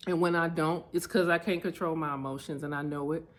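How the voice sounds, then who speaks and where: A woman vlogger reflects on personal memories, candid and heartfelt, and grows lively as she tells her stories. Her voice is low and her pace quick.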